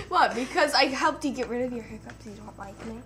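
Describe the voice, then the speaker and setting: A young woman co-hosting a casual on-camera chat with a friend, bossy and teasing, with bursts of loud exclamations. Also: high voice. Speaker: co-host.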